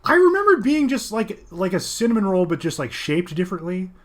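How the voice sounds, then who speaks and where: Podcast cohost guy, bright voice, jumpy pitch, jokey and swears a lot. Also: sing-song, fairly quick. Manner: joking, swears casually, restarts sentences. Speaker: podcast co-host. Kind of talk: casual chat.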